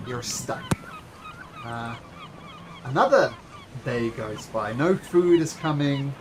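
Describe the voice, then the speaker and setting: Game-master narrator, mid-pitched man, hesitant fillers. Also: sing-song, slight background noise. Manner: descriptive, halting with fillers and restarts.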